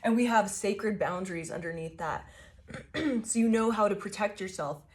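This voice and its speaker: A woman's voice: medium pitch, normal speed. A woman giving a casual tarot reading, swearing freely and laughing often as she tells her story. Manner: profane, laughing, animated storytelling. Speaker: tarot reader.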